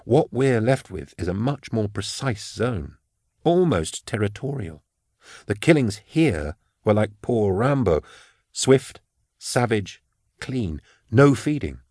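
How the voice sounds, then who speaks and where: A man reading the part of a wry male forensic scholar with a dry wit, explaining in a measured way. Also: fairly low pitch, big pitch swings, a little mellow, no room sound, exaggerated voice. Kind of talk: audiobook character reading.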